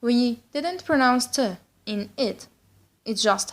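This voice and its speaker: A woman's voice: fairly high pitch, animated, slow. A woman teaching an English lesson, whose first language is Arabic. She repeats phrases again and again for practice. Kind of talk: slow spoken English lesson with repeat-after-me drills.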